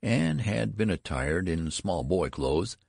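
Casting: deep, husky male storyteller, measured and wry, gravelly, animated delivery. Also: dry recording, clean studio sound. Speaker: narrator. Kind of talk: storybook reading.

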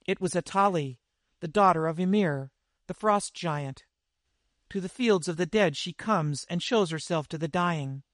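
A man's voice: sits high, unhurried, dry recording. Man reading as an old superstitious warrior, grave and intense, dry sound. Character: wild-eyed older male warrior, superstitious.

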